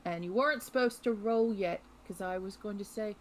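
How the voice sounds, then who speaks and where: A woman's voice: medium pitch, normal speed, a little hiss or hum, poor audio. A woman playing in a tabletop game, teasing and sarcastic. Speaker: player. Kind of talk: casual tabletop play.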